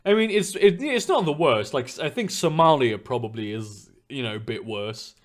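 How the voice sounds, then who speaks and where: A man's voice: medium pitch, animated, moderate pace. A young man chatting casually on a live stream from his room, rambling and swearing freely with lots of fillers and restarts. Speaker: streamer reading chat. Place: home room.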